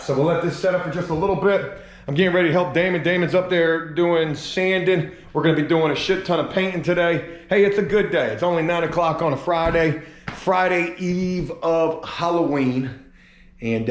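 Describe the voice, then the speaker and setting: A laid-back man vlogging his home renovation in a casual, joking way, swearing freely. His voice sits a little high for a man. The bathroom around him is echoey, with faint noise underneath.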